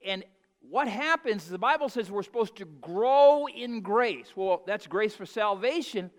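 A man preaching a sermon in a church sanctuary, his voice pitched high for a man. He drops to quiet, hushed asides, then rises to loud, emphatic declarations and has the congregation repeat phrases. The sound carries a long hall reverb. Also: animated, measured pace. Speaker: pastor.

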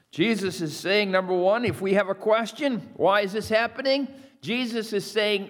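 A man with a somewhat high voice preaches a sermon. He reads scripture with rising emphasis and invites listeners to repeat key phrases after him. His voice carries a long reverb, as if filling a large hall. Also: normal speed. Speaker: pastor.

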